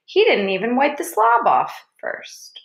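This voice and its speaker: A woman narrating a children's novel in a measured storytelling voice. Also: fairly high pitch, huge pitch swings. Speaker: audiobook reader. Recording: roomy echo.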